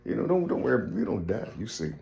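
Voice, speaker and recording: A man voicing deceitful gremlin spirits, speaking in a hushed, coaxing way. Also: on the low side, very animated, fast talker, gravelly.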